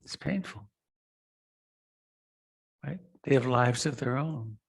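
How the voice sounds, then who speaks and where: A middle-aged man giving a reflective meditation talk, slow and soft, with long pauses and trailing lines. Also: mid-range voice, creaky, husky. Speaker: meditation teacher. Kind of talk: dharma talk.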